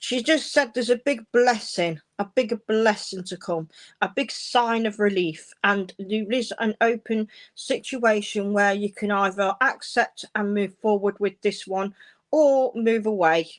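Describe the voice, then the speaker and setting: A woman's voice: mid-range voice, a little slow. A woman hosting a live-streamed mediumship session, speaking reassuringly to callers and calling them darling and my love. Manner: warm, reassuring, uses endearments like darling and my love. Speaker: medium giving live readings. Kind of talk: live-streamed psychic reading.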